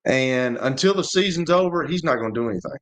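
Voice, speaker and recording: A man's voice: mid-range voice, animated, fast talker. A man, a former quarterback co-hosting sports radio, telling stories in a rambling way with many restarts. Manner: rambling, repeats and restarts words. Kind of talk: casual sports talk, storytelling.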